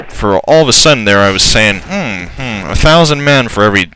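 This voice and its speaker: Low, bright-voiced excitable gamer man. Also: brisk, clear, resonant tone, no echo, low-quality recording. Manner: excitable, swears, laughs at the game. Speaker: gameplay commentator. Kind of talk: casual let's-play commentary.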